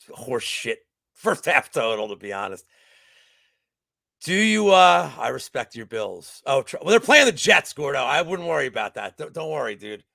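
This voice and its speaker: A man co-hosting a casual sports betting chat, profane and excitable, swinging from loud outbursts to mumbling, just getting over a cold. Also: mid-range voice, vocal fry, no room sound, studio quality. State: recovering from a cold. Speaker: co-host.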